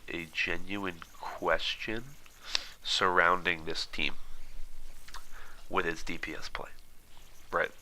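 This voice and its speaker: Fast-talking man, very low and bright. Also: low-quality recording. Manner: fast, rambling, many fillers and restarts. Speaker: esports commentator. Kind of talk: casual analysis while watching footage.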